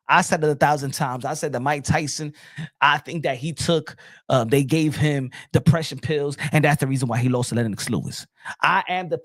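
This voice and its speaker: High-voiced blunt man ranting about boxing. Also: fairly bright tone, no echo, clean studio sound. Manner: blunt, profane, repeats words and restarts. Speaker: boxing podcast host. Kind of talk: casual opinion rant.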